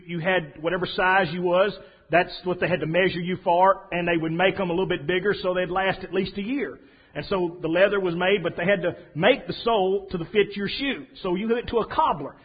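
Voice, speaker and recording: A middle-aged pastor preaches in a husky, rather high voice. He talks softly and haltingly, full of restarts, on a dull lo-fi recording. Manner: halting, with many fillers and restarts, soft and tender. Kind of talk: sermon.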